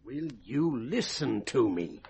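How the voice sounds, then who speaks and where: An actor playing a breezy, wheedling stage mind-reader who talks in slang, in a vintage radio drama. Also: male voice, medium pitch, big pitch swings, slow pace, vocal fry, darkish tone, husky, heavily acted. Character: brash cockney male stage mind-reader.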